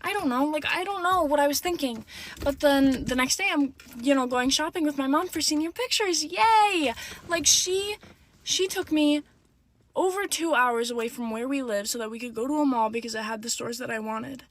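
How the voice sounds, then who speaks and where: A woman's voice: high voice, a little fast. Rambling woman telling a story from a car. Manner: rambling, full of "like" and "you know". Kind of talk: casual storytime. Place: inside a car.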